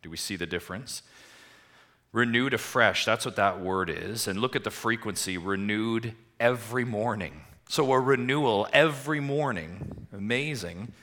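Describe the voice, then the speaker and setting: A man preaching a sermon to his church congregation, asking rhetorical questions and swinging between emphatic swells and quiet drops. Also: fairly low pitch, normal speed. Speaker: pastor.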